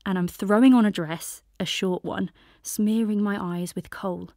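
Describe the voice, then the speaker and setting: A woman narrating a first-person audiobook in a soft, intimate voice that often drops to a whisper. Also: medium pitch, steady tone, a little slow, no echo, studio quality.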